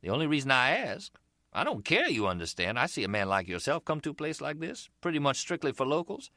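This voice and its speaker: Slangy middle-aged hustler, chatty, teasing, raised bright voice, dry sound, as a male narrator puts him on. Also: a little high, sing-song, brisk, no echo, pitched above the performer's own voice, exaggerated voice. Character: slick streetwise male umbrella hustler, middle-aged, easygoing.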